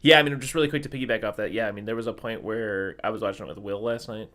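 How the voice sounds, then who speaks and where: A man co-hosting a podcast, talking casually and excitedly about a movie, with lots of fillers as he describes scenes. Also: on the low side, racing. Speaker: podcast co-host.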